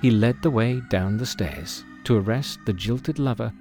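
A man narrating a scripted mystery story in a measured, expressive storytelling manner. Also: medium pitch, soft background music.

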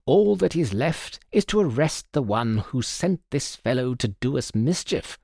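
Man playing a detective, commanding, precise, lively intonation, slow, dry sound. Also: mid-range voice, creaky, no echo, exaggerated voice. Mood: assured. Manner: precise, authoritative explaining. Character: brilliant older male detective, calm and commanding.

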